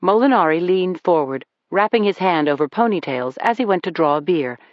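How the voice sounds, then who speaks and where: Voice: medium pitch, animated, a little fast, no echo. An audiobook narrator reading a first-person crime thriller with wry, dry delivery. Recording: dull dry recording.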